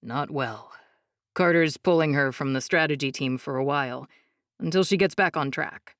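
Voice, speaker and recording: A woman voicing a tired, caring young husband in an audiobook, speaking low and weary. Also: moderate pace, no room sound, clean studio sound. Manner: low, weary and soft-spoken. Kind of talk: audiobook character voice.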